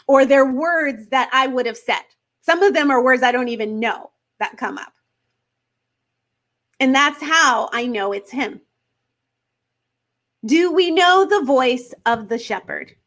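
A woman hosting a faith podcast, talking earnestly to her listeners and leaning on slow, emphatic questions. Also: sits high, a bit bright. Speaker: podcast host.

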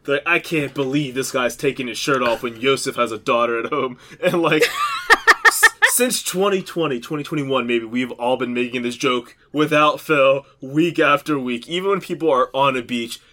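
A man's voice: medium pitch, bright, forceful tone. Man, podcast co-host, casual chat, joking, rambling, fillers.

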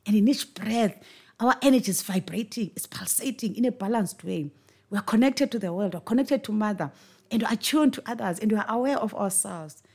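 A woman's voice: mid-range voice, a little fast, dark tone, slightly rough. A woman hosting a podcast, speaking in an earnest, emphatic monologue and repeating words for stress. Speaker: podcast host. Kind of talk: reflective monologue on parenting.

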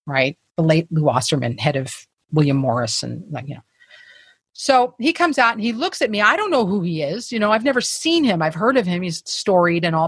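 A woman's voice: fairly low pitch, fairly bright tone, breathy edge, no echo, clean studio sound. A woman guest telling candid, self-deprecating stories in conversation, with frequent profanity.

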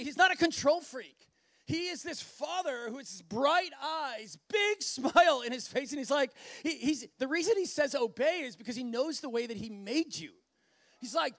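A man preaching a sermon in an animated way, often acting out voices and laughing. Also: very high-pitched, moderate pace, creaky, no room sound, clean studio sound.

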